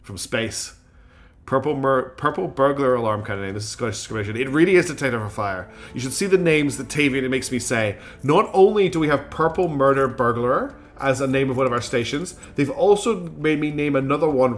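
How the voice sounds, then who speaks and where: A worn-out man streams a strategy game late at night, thinking aloud in a loose, rambling, self-mocking way. His voice sits at a middling pitch and he fills gaps with lots of ums and uhs. Soft game music plays faintly underneath. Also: a little fast. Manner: rambling, chatty, self-mocking with many fillers. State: very tired. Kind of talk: casual gameplay commentary.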